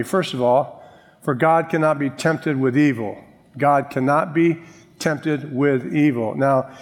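A male pastor preaching a sermon, joking with the congregation and slowing down to stress key words. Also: a little high. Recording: long reverb of a large hall.

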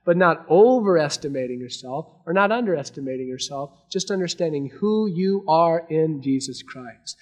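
A man preaching a sermon to a congregation, earnest, swinging between raised emphasis and hushed, quiet lines. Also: on the high side, lively intonation, normal speed, few pauses. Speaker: pastor.

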